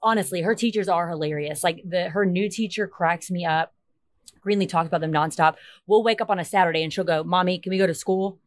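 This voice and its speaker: Chatty gushing woman, slightly low voice. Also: brisk, dry recording. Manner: chatty, gushing, casually profane. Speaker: podcast co-host. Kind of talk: casual chat.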